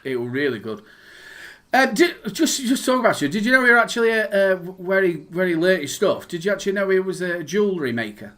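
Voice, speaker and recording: Northern English man, slightly high voice, rambling podcast co-host, lots of restarts. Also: big pitch swings, quick pace, a bit bright. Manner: rambling, many restarts and fillers, reads news aloud. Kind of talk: casual chat.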